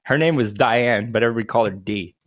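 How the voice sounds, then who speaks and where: A man's voice: medium pitch, fast talker, a bit bright, highs cut off. A man in his thirties, a podcast co-host telling casual, profane, rambling anecdotes. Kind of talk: casual storytelling chat.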